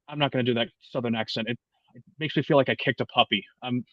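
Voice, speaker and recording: A man's voice: mid-range voice, fast talker, dry recording, muffled recording. Young man ranting with profane energy. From United States. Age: 20s. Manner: profane, animated, many restarts. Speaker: guest. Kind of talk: casual political chat.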